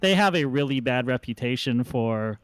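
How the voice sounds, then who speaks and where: A man's voice: mid-range voice, animated, normal speed, clear, resonant tone, dry recording. A man hosting a podcast, telling long rambling anecdotes in a casual chat. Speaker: podcast host.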